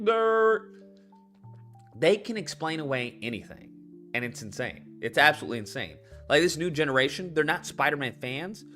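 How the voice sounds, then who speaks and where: With a slightly high, bright voice and a forceful tone, a streamer goes off on an unscripted gaming rant. He swears a lot, repeats himself, gets heated, and reads out comments from chat.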